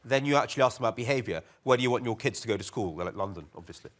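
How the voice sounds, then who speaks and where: A man's voice: mid-range voice, very fast. Wry man speaking on a panel. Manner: lively, wry, quoting others in mock voices. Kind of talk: panel discussion remarks. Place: conference hall.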